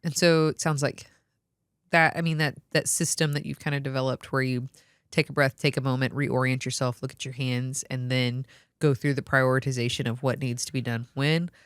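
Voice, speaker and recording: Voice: mid-range voice, level tone, normal speed, smooth, dry recording, clean studio sound. Friendly physician assistant on a podcast. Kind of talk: casual podcast chat.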